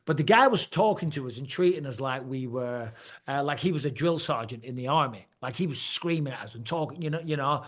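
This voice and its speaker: Lively man telling stories. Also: medium pitch, brisk. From Britain. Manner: lively storyteller, laughs often. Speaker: guest. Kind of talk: casual interview chat.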